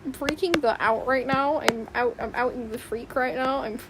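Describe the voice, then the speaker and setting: Excitable high-voiced young woman streamer. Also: normal speed, a little hiss or hum. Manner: excitable, rambling, squeals and laughs often. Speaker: livestreaming artist. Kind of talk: casual stream chat while drawing. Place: home room with open window.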